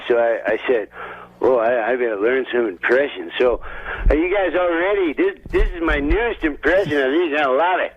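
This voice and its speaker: A man telling lively comic anecdotes, acting out the people he quotes. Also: medium pitch, moderate pace. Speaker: comedian guest. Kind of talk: storytelling anecdotes. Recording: dull lo-fi dry sound.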